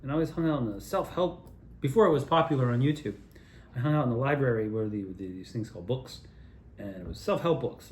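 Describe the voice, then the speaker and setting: A man's voice: mid-range voice, a little mellow. A man rambles through his own wild stories with a middling voice, cursing and chuckling as he drifts off track. The sound carries the echo of a roomy space around him. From Altoona area, Pennsylvania. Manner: loose, digressive, swearing, laughing at own stories. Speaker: storyteller. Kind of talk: rambling personal storytelling.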